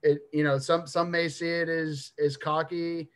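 A man's voice: fairly high pitch, flat delivery, unhurried. A man co-hosting a sports podcast, chatting enthusiastically about football and laughing easily. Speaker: podcast co-host. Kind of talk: casual sports chat.

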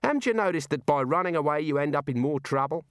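Storybook kangaroo, male, blunt and dry, read by a man; lively delivery, dry close sound. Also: on the high side, fast, clear, resonant tone, no room sound, voice pushed up, natural voice.

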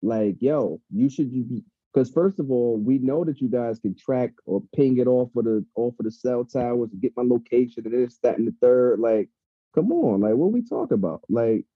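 A man's voice: medium pitch, animated, moderate pace, dry recording. A man talking casually and heatedly, swearing freely, as a podcast co-host. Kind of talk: casual chat. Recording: dull lo-fi sound.

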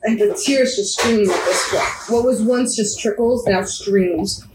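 A woman running a tabletop game as game master, narrating scenes to a player in vivid second-person detail. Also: mid-range voice. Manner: slow, vivid descriptive narration. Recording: roomy echo, faint background noise.

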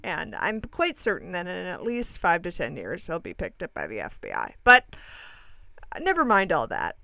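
A woman's voice: on the low side, moderate pace, gravelly, no echo. A young woman telling a long story to her listeners in a casual, chatty way, acting out what people said and correcting herself as she goes. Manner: chatty, animated, acts out quoted dialogue, frequent fillers and self-corrections.

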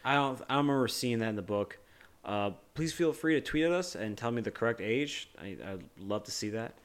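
A man's voice: medium pitch, expressive, a little fast. A man co-hosting a casual movie discussion podcast, rambling and joking loosely with many restarts. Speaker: podcast co-host.

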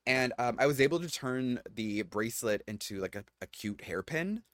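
A man co-hosting a podcast, telling a story in a chatty way, full of fillers and lively swings in pitch. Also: moderate pace, no echo, clean studio sound. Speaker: podcast co-host. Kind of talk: casual chat.

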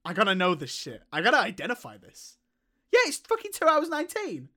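A young man talks movies in a loose, rambling way, tripping over his words and swearing freely. His voice sits a bit high and sounds bright. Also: wildly swooping pitch, brisk. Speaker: podcast co-host. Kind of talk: casual film chat.

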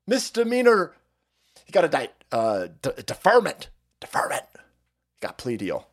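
A man's voice: fairly high pitch, wildly swooping pitch, unhurried, pauses often. A man hosting a livestream, ranting crudely about politics, stammering, restarting and laughing at his own jokes. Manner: foul-mouthed, rambling, mocking, laughs at own jokes; reads out and thanks chat viewers. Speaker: livestream host. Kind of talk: profane political rant on a livestream.

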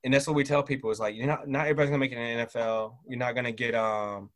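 A middle-aged man telling stories from his past in a relaxed, rambling way, full of fillers and restarts. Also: mid-range voice, racing. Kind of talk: casual interview storytelling.

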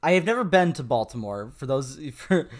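A young man from the United States co-hosts a podcast in a relaxed, rambling way. His voice sits at an ordinary middle pitch, and he gets animated and laughs often, then trails off into fillers. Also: moderate pace. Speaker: podcast co-host. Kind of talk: casual chat.

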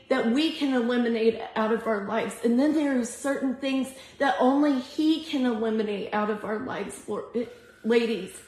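A woman's voice: high-pitched, darkish tone. A woman giving an earnest, emotional devotional sermon to women, teary as she reads scripture aloud. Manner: earnest, emotional, slow and prayerful. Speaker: women's ministry speaker. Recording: echoey room.

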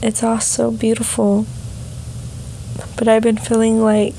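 A young woman vlogging a soft, heartfelt personal reflection on emotions. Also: on the high side, completely flat delivery, a little slow, long pauses, a little hiss or hum, poor audio.

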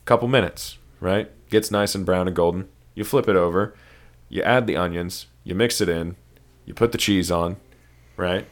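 Very deep-voiced man in loose, profane chat. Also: moderate pace. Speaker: podcast host. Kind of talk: casual chat.

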